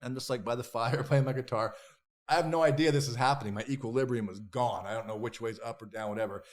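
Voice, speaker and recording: A man telling stories as a podcast guest, animated and profane, acting out what others said in bursts. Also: medium pitch, fast talker. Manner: animated, profane, acts out quoted voices. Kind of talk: casual interview storytelling.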